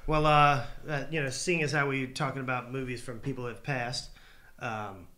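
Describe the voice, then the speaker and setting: A man's voice: medium pitch, fairly even intonation, moderate pace, bright, forceful tone. A man co-hosting a movie podcast, joking around and acting out quotes from films. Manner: jokey, acts out movie quotes. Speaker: podcast co-host. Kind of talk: casual chat about movies.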